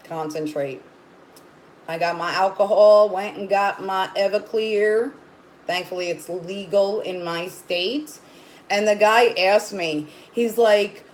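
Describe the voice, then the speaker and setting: A woman's voice: lowish voice, slight background noise, rough recording. A woman hosting a casual livestream, rambling as she greets viewers by name and coos at her dog. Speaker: livestream host.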